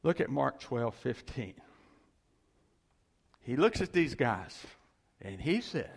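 Animated, gravelly male preacher. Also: mid-range voice, takes it slowly, long pauses. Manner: conversational, animated, chuckles often. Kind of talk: sermon.

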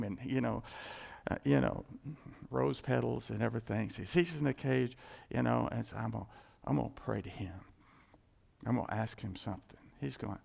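Male pastor, chatty sermon delivery, very gravelly, lively pitch swings. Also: normal speed. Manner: conversational, chuckling, acting out little quoted exchanges. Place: church sanctuary. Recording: long hall reverb.

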